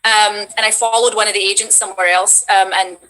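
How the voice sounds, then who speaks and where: Bright, chatty woman. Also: mid-range voice, fairly quick, low-quality recording. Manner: rambling, many restarts, animated. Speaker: guest voice actress. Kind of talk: casual interview chat.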